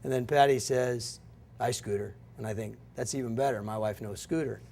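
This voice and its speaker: A man's voice: mid-range voice, moderate pace, vocal fry, a little mellow. A middle-aged man giving a guest lecture, telling stories in a rambling, self-interrupting way. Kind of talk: storytelling lecture. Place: lecture room.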